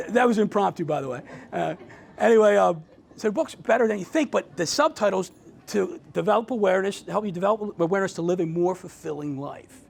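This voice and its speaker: Middle-aged guy, high gravelly voice, chatty motivational talk to a group, lots of restarts. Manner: conversational, asks the audience questions, frequent restarts. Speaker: author speaking to a group.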